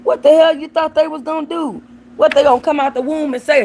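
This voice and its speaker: Woman streamer with a gravelly voice, cussing and going off on viewer comments, chats to her dog too. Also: high-pitched, fairly even intonation, fast talker, a little mellow, poor audio. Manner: blunt, profane, emphatic; chatty, talks aside to her dog. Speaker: livestream host.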